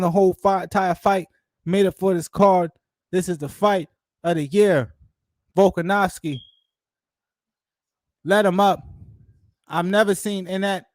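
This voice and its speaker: Hosting a live fight watch-along for his channel, this man is hyped and slangy, repeating his exclamations again and again. His voice is a little high with a darkish tone, and there's no echo.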